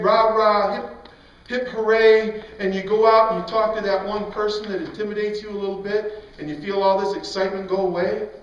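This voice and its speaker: A man giving an animated, emphatic storytelling talk at a Christian event, often laughing as he speaks. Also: high-pitched. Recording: echoey hall, mic far off, dull sound.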